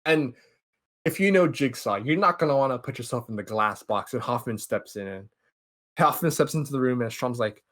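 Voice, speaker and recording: An animated young man hosts a casual podcast recap. His voice sits at an everyday middle pitch, and he keeps slipping into quick impressions of the characters as he talks. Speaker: podcast host.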